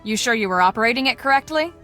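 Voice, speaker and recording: An actress voicing a brisk, dryly sarcastic woman who runs a ranch, in a video game. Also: fairly high pitch, animated, pushed and bright, soft background music. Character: brisk woman ranch boss, dry and wisecracking.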